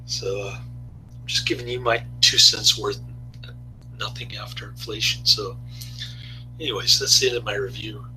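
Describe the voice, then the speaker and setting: A man's voice: on the low side, steady tone, normal speed, pauses often, sharp tone, slight background noise, poor audio. A man giving a rambling, laid-back casual video review, often chuckling to himself.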